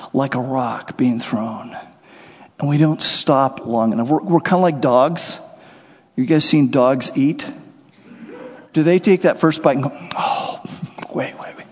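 High-voiced male preacher, husky tone, lively sermon, acts out scenes, muffled sound, long reverb. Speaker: pastor.

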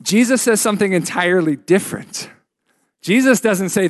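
A man preaching a sermon as a pastor, measured and emphatic with frequent pauses. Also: high-pitched, dry recording, studio quality.

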